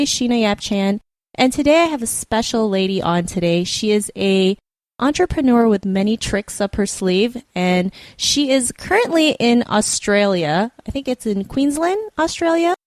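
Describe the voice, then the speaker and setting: A woman from Canada hosting a podcast interview, enthusiastic, with bright lifts on her greetings and questions. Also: a little high, animated, moderate pace, no room sound. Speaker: podcast host.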